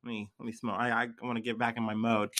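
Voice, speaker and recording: A man's voice: medium pitch, level tone, fast talker, fairly bright tone. Laid-back tipsy young man rambling. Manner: laid-back, heavy on fillers and slang. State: a little drunk and high. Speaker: vlogger. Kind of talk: casual rambling monologue.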